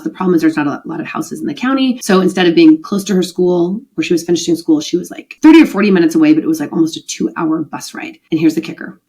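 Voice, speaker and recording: Earnest woman podcaster, low voice. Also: a little mellow. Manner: earnest, confessional, many fillers like "like" and "I mean". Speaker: podcast host. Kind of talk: personal reflective monologue.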